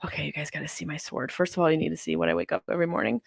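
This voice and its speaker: A woman's voice: deep voice, lively intonation, racing, gravelly, few pauses, slightly rough, no room sound. Rambling, profane woman streaming from home. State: stoned. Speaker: live-stream movie watch-along host. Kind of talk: casual live-stream chat. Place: house, at home.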